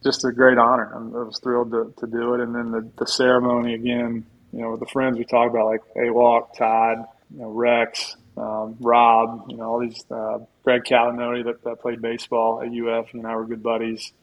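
A middle-aged man with an ordinary mid-range voice, sitting in as a guest on a podcast. He tells long, rambling stories in a relaxed way, often restarting his sentences and adding humble asides. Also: mid-range voice, moderate pace, hardly any pauses, muffled recording. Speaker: guest, former football player. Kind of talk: casual storytelling in a podcast interview.

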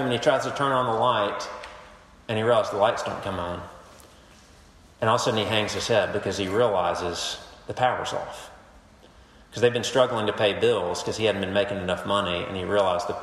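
Man preaching in an echoey hall. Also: medium pitch. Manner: animated storytelling, swings between emphatic and hushed. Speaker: pastor. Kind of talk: sermon. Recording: echoey hall with long reverb.

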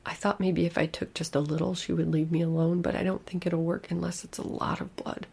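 A woman voicing a frightened, tearful five-year-old girl who pleads in a breathy, whispery voice. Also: fairly low pitch, little pitch movement, fairly quick, dark tone. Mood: pleading.

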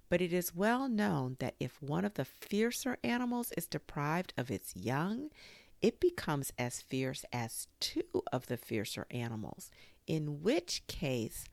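Nervous small piglet for a storybook read-aloud, voiced by a woman; hesitant, slow. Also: low-pitched, creaky, dry recording, full character voice. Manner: anxious, fidgety, hesitant. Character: small timid young male piglet.

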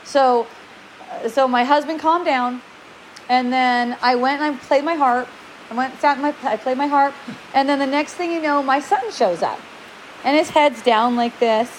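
A woman in her forties telling personal stories in a chatty, animated way, acting out quoted lines and laughing often. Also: sits high, normal speed, a little hiss or hum, rough recording. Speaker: speaker sharing spiritual experiences. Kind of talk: personal storytelling talk.

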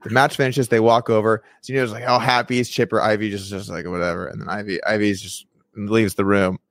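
A man's voice: on the low side, flat delivery, brisk, a bit bright, no room sound, clean studio sound. A man hosting a casual chat, telling stories and stumbling over his words now and then. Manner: storytelling, stumbles and repeats words. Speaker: podcast host.

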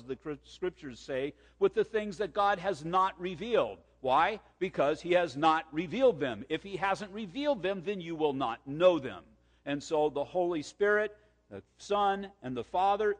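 Male pastor, slightly high voice, emphatic sermon and slow scripture reading, long hall reverb. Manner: emphatic, repeats key points, reads scripture slowly.

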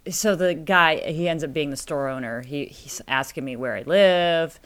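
A middle-aged woman from California telling a story in casual podcast chat, animated and acting out the people she quotes. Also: sits low, moderate pace. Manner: animated storyteller who acts out quoted voices. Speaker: podcast co-host.

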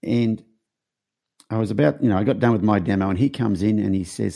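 A man's voice: lowish voice, fairly quick, creaky, dark tone. A man hosting a podcast, telling stories in a rambling, casual way. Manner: rambling, with many restarts. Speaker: podcast host. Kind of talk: casual storytelling chat.

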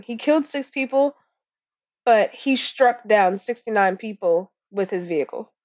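A woman's voice: medium pitch, a little mellow, no room sound. Young woman podcast co-host, rambling and profane, lo-fi dead-dry sound. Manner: blunt, heavy swearing, rambling with fillers. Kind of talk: casual chat. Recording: dull lo-fi recording.

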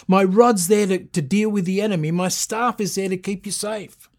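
A man's voice: sits high, steady tone, normal speed. Emphatic middle-aged male pastor preaching. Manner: emphatic preaching, rising with repeated phrases; reads scripture aloud. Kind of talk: sermon.

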